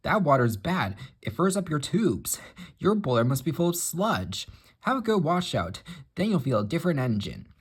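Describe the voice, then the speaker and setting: A man's voice: a little high, sing-song, normal speed, husky, voice pushed up. A man voicing a vain, jealous male steam engine who talks boastfully and petulantly. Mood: know-it-all.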